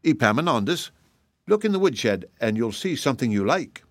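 A man voicing a kindly old grandmother who gently coaxes her grandson in a storybook reading. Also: medium pitch, sing-song, normal speed, dry recording, studio quality. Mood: coaxing.

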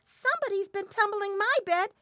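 A woman voicing a tiny young bear cub in a storybook reading, in a high piping voice. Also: normal speed, pushed and bright, no room sound, clean studio sound. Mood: upset.

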